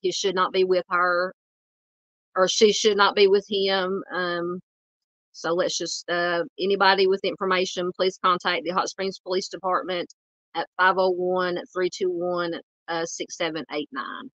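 Southern female host, chatty, halting delivery, dry and slightly muffled sound. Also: fairly low pitch, little pitch movement, a bit bright, dry recording. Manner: chatty, many fillers and restarts. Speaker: true crime channel host. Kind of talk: casual update on missing persons.

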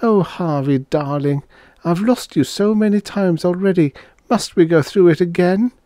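A man voicing a distraught young woman, high and strained, in an audiobook reading. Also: moderate pace, dark tone, dry recording, studio quality, close to an everyday voice. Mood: sad.

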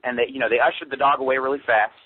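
A pastor as a radio interview guest, telling a story in an animated way and quoting the people he met. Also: medium pitch, racing, husky. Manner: animated storytelling with quoted dialogue. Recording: tinny phone line.

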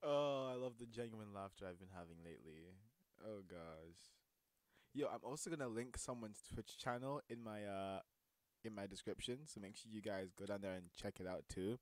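A man's voice: on the low side, no room sound. A young man hosting a reaction video, chatting loosely with fillers and frequent laughter. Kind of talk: casual reaction commentary.

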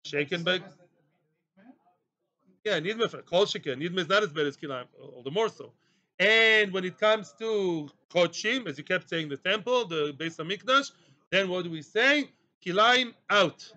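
A man teaching a daily Talmud class in mixed with Hebrew and Aramaic terms, with a lively, joking way of explaining. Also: high voice, highs cut off.

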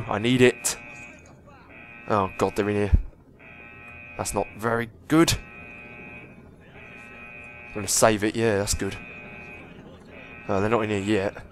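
A man's voice: on the low side, fairly even intonation, slow pace, pauses often, faint music behind. A young man commentating on a game he is playing, swearing and breaking into panicky outbursts. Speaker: gameplay commentator. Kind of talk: let's play commentary.

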